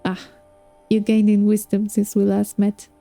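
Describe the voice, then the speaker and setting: A woman reading aloud and voicing a scheming, seductive male sorcerer who coaxes and teases in a slow, dark, gravelly tone. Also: mid-range voice, completely flat delivery, soft background music. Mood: coaxing.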